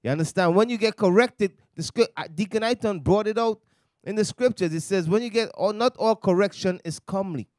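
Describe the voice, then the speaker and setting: A man's voice: high voice, a little fast, darkish tone, no echo, studio quality. A man preaching to a men's gathering, exhorting and asking if they understand. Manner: exhorting, repeats "you understand?".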